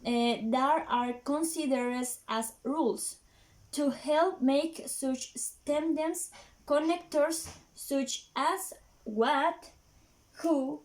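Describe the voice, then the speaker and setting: A high-pitched woman whose first language is Spanish talks through English grammar points. She goes slowly, with frequent "uh"s and halting restarts, like a student giving a class presentation. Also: a little mellow. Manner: slow, halting, many fillers and restarts, non-native phrasing.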